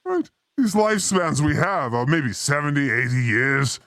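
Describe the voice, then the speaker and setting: A man hosting a live talk stream, joking and provoking with an irreverent edge. His voice sits a bit high and swings widely in pitch. The sound is dry and close. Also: lively intonation, normal speed, a bit bright, no echo. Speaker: host. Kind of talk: casual live-stream chat.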